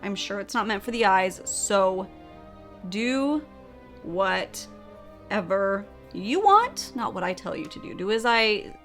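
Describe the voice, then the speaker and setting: A woman's voice: mid-range voice, big pitch swings, slow, a bit bright, faint music behind. Bubbly young woman narrating a makeup tutorial. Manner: bubbly and chatty, with playful sound effects. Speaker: beauty vlogger.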